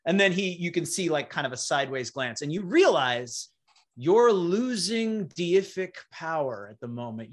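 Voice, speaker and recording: A game master narrating a tabletop game, setting scenes in a playful, vivid way. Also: medium pitch.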